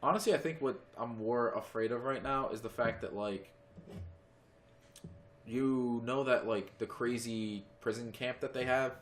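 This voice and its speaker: A young man in relaxed, rambling podcast chat, cracking jokes between sips of beer. His pitch sits mid-range, and a faint hiss of room ambience runs under his voice. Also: unhurried. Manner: joking, rambling, drinking beer. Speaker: podcast co-host. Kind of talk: casual chat.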